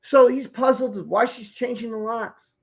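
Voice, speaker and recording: Gravelly high-voiced man, emphatic live-stream commentator. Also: fairly even intonation, unhurried. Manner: emphatic, repeats key phrases.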